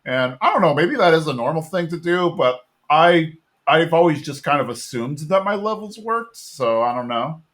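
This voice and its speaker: A man's voice: on the high side, animated, moderate pace, hardly any pauses, fairly bright tone. Rambling man recapping a cartoon episode. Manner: rambling recap, acting out characters' lines. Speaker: podcast co-host recapping an episode. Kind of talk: casual chat.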